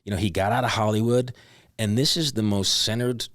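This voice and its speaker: A middle-aged man talks as a podcast guest in a relaxed, chatty way, thinking out loud as he goes. His voice is fairly low, and the sound is dry and close with no room echo. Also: brisk. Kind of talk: casual conversation.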